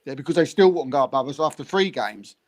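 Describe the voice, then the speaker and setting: A man chatting casually about a football match as an animated storyteller who chuckles often. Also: mid-range voice, fast. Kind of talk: casual football reaction chat.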